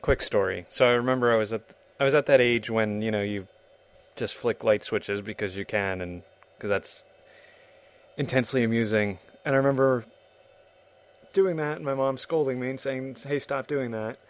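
A man's voice: mid-range voice, fairly even intonation, normal speed. A man hosting a podcast and telling anecdotes in a chatty way, full of asides. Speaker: podcast host. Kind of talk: casual spoken storytelling.

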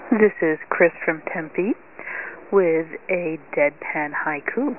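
Sex: man. Pitch: fairly high. Pace: slow. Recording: phone line. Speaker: voicemail caller. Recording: tinny phone line with faint noise.

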